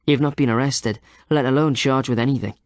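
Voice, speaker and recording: A man reading as a hard-edged police detective in an audiobook, sliding between reasonable coaxing and cold accusation. His delivery is dry and close, at an ordinary middling pitch, with no room around it. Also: steady tone, brisk, no room sound, lightly acted. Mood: probing. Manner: needling interrogator, shifts from reasonable to accusing. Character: male police detective, coaxing then menacing.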